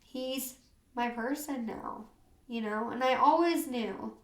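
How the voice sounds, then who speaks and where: An American woman gives an emotional personal testimony as an interview guest, earnest and tearful, often repeating phrases and saying "you know." Her voice is a little high and slow-paced, and the sound is roomy.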